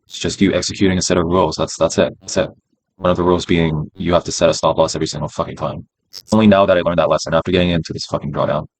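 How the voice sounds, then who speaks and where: A man's voice: sits low, fairly even intonation, rapid-fire, husky, dry recording, low-quality recording. A man streaming his day trades, talking himself through them in a casual, profane way and repeating phrases as he goes. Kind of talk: casual live-stream self-talk.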